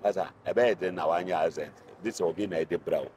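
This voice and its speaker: An older man from Ghana with a Ghanaian accent, a veteran cargo driver who is the guest in an interview, telling his stories in an animated way and repeating words for stress. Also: low-pitched, a little fast, a little hiss or hum. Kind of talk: casual interview talk.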